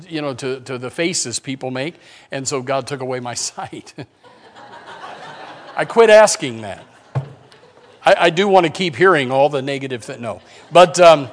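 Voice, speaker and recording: A man preaching a conversational sermon as pastor, with repeated restarts and joking asides. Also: medium pitch.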